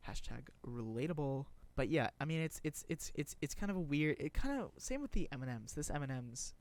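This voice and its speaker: A man's voice: on the high side, animated, a little fast, a little mellow. A young man rambling through casual commentary, sarcastic and profane, with many restarts. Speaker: video creator.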